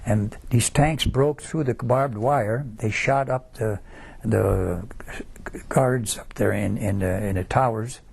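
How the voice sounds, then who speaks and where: Gravelly old man recalling the war. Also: fairly low pitch, darkish tone. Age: 90s. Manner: halting, rambling, with many restarts and "you know"s. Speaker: war veteran telling his story. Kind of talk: oral history recollection.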